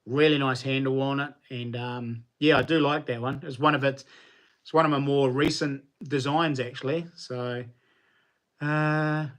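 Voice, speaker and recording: On his livestream, a relaxed Kiwi knife maker fields viewer questions in informal, colloquial talk. He keeps a measured pace and a mid-level pitch, his easygoing speech peppered with fillers.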